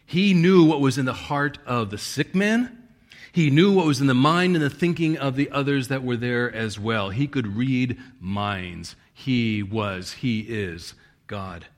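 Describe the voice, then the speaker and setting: A man's voice: mid-range voice, unhurried. A male pastor preaching a sermon, reading scripture with strong emphasis and chuckling now and then.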